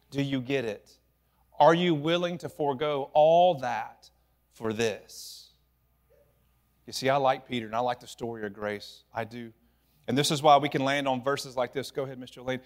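A man preaching a sermon in a church, telling stories in a lively, conversational way that swings from loud to hushed. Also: medium pitch. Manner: animated, conversational storytelling with sudden drops to quiet. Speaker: pastor.

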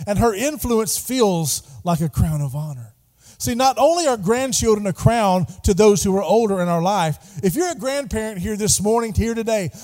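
High-voiced pastor preaching in a hall. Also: male voice, darkish tone. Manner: call-and-response preaching, prompting the congregation. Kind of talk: sermon. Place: church sanctuary. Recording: long hall reverb.

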